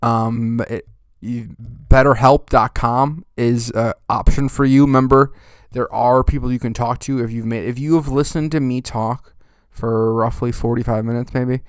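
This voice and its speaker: Brief: young male golf podcast host, profane ranter, smooth clear voice, dry close sound. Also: mid-range voice, fairly even intonation, normal speed, dry recording. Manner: swears constantly, rants loudly, then winds down. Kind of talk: profane ranting recap.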